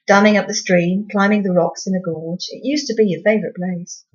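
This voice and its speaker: A woman voicing a fussy, overly cheerful middle-aged mother who speaks in a high-pitched, bright manner. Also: fairly even intonation, fairly quick, muffled recording, natural voice. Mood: chirpy.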